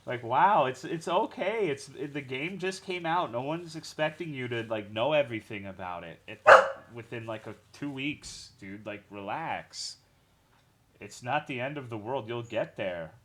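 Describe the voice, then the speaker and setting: A man's voice: medium pitch, animated, moderate pace, background noise. A young man streaming a game, chatting casually with his viewers in a rambling way, swearing often and greeting chat by name.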